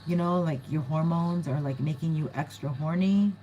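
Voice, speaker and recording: A woman's voice: deep voice, moderate pace, warm tone, dull audio, slight background noise. A woman giving a casual, chatty tarot reading to her viewers, often giggling and acting out what other people might say. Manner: chatty, giggly, acts out quoted voices. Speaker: tarot reader.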